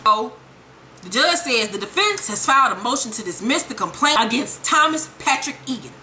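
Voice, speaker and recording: Woman vlogger, profane TV recap, acts out characters, high bright voice. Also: very animated, normal speed, slight background noise. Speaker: TV episode reviewer. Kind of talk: casual episode recap.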